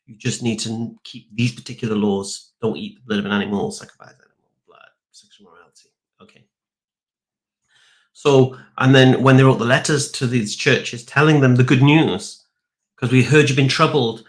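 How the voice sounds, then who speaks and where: A man's voice: mid-range voice, normal speed. A man, arguing a point in a debate. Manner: animated, argumentative. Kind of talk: debate argument with comic storytelling.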